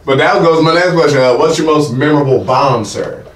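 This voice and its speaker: A man hosting a casual comedy chat who tells stories with lively acted-out quotes. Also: fairly high pitch, a little fast. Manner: animated storyteller, acts out quotes. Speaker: comedian and interviewer. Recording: roomy, distant mic, faint noise.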